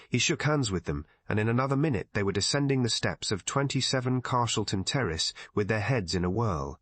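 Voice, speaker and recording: A man narrating an audiobook novel with measured, scripted storytelling. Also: deep voice, fairly bright tone, no room sound. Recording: dry close recording.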